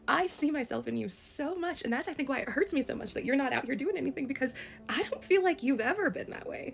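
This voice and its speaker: A woman's voice: sits high, gravelly. A woman making an impassioned, emotional direct-to-camera plea as a social media creator, laughing through tears.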